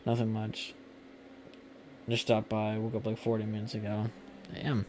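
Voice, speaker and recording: A man's voice: fairly low pitch, little pitch movement, moderate pace, long pauses, a little mellow, a little hiss or hum. A young man casually chatting with viewers while he plays a game on a livestream, rambling loosely and swearing now and then. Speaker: streamer. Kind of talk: casual gameplay livestream chat.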